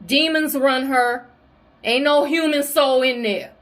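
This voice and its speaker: A woman's voice: high-pitched, steady tone, takes it slowly, a bit bright. A woman delivering a heated spiritual rant, profane, fiery and confrontational. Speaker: spiritual video creator.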